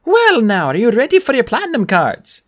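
An audiobook reader voicing a smooth, sweetly persuasive adult male casino bellhop in a storybook reading. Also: mid-range voice, wildly swooping pitch, fairly quick, a bit bright, pitched above the performer's own voice. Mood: coaxing.

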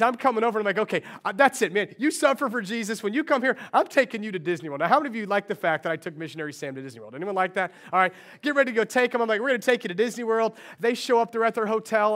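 A middle-aged male pastor preaching a sermon in a church, telling a story with lively acted-out dialogue. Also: sits high. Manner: animated storytelling, acting out dialogue. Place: church sanctuary.

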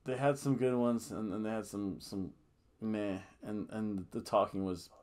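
A man talks through a wrestling show in a loose, rambling podcast chat. He gets animated and jokey, laughing at his own asides and booing in mock outrage. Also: fairly low pitch, unhurried. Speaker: podcast host. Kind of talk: casual wrestling review chat.

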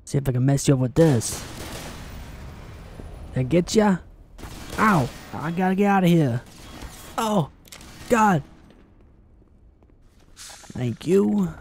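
A man giving excitable let's play commentary, swearing often and taunting his enemies as he plays. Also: on the high side, takes it slowly, vocal fry, pauses often, a little hiss or hum. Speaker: gaming channel host.

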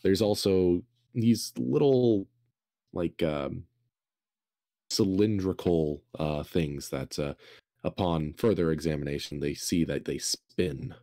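A man narrating as game master, describing rooms slowly with many fillers and pauses. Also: low-pitched, mellow, no room sound, clean studio sound. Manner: slow, hesitant, filler-heavy descriptions.

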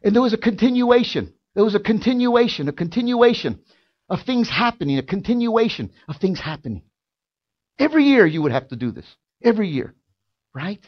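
A man preaching a sermon in a church, building from quiet, drawn-out lines to loud, fervent shouting. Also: high voice, big pitch swings, lo-fi sound. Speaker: pastor. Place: church sanctuary.

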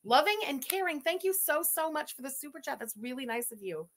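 A woman's voice: high voice, lively intonation, brisk, a bit bright. A woman hosting a livestream, giving blunt, sarcastic commentary and thanking viewers. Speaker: livestream host.

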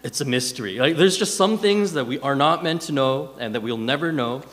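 A man's voice: mid-range voice, a little fast. A man preaching a sermon in a casual, conversational way, telling stories with plenty of fillers. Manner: conversational, animated storytelling with frequent fillers. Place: church hall. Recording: long hall reverb.

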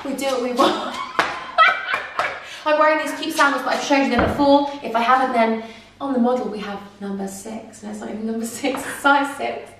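Recorded on a distant camera mic amid background noise, this fashion vlogger chats through trying on holiday outfits outdoors before moving to an airport. She is a giggly, self-mocking British woman in her twenties, speaking British English. Her voice is on the high side, at a moderate pace.

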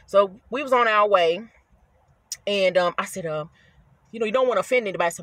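A woman in her fifties telling a casual story to her viewers from inside her car, chatty and animated. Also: medium pitch, fairly quick, no room sound. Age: 50s. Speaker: rideshare driver vlogger.

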